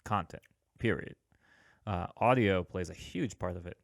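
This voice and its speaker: A man's voice: low voice, moderate pace, dry recording, studio quality. A man hosting a podcast, talking earnestly with many hesitations and frequent laughs. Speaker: podcast host. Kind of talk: casual podcast chat.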